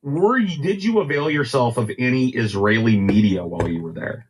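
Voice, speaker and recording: A man interviewing a guest, asking questions in halting restarts. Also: mid-range voice, lively intonation, background noise. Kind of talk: casual interview chat.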